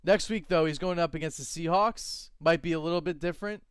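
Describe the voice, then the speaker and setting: A man co-hosting a fantasy football show, animated and opinionated in casual sports talk. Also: fairly high pitch, brisk, clear, resonant tone. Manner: animated, laughs easily, opinionated.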